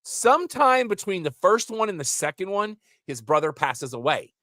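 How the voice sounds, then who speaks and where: A man co-hosting a casual podcast, rambling through animated movie recaps with side comments. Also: high-pitched, normal speed, no echo, studio quality. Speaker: podcast co-host.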